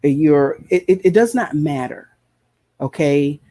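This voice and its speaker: A man's voice: a little high, expressive, slow pace, dark tone. A man preaching a passionate sermon, repeating phrases for emphasis and addressing his listeners directly. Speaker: preacher and show host.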